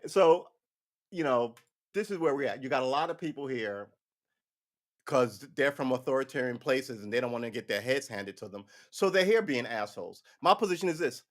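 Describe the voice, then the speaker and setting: A man's voice: mid-range voice, expressive, normal speed. A man giving casual, profane political commentary on a livestream, ranting and slipping into mocking voices.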